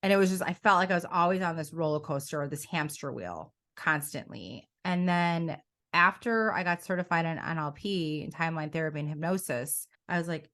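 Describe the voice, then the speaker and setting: A middle-aged woman coach in a conversational interview, telling her story in an animated way and often quoting her own past thoughts. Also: low voice, a little fast. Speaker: coach and academy founder.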